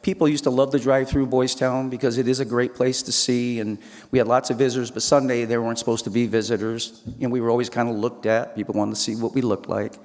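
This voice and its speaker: A man's voice: medium pitch, level tone, quick pace, darkish tone. A man giving an earnest talk about his life, recalling scenes and quoting dialogue as a storyteller. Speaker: speaker. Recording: hall reverb.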